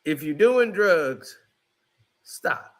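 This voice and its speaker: A man's voice: on the high side, lively intonation, drawn-out words, fairly bright tone. A man commentating on a clip, mocking the speaker in a theatrical way. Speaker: online commentator reacting to a clip. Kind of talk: reaction commentary.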